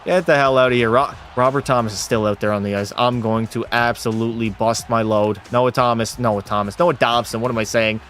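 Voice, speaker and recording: A man's voice: mid-range voice, a little fast, few pauses, slight background noise. A young man from Canada streaming a hockey game, calling plays like a sportscaster and bantering casually with chat, swearing now and then. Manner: excitable, mock sportscaster calls mixed with casual swearing. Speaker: gaming streamer. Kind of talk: live play-by-play commentary and chat banter.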